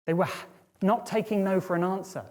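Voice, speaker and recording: A man's voice: sits high, a little fast. A middle-aged man giving a conversational storytelling talk on stage, often checking in with the audience. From Britain. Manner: lively, conversational, checks in with "right?" and "okay?". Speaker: speaker. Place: auditorium stage.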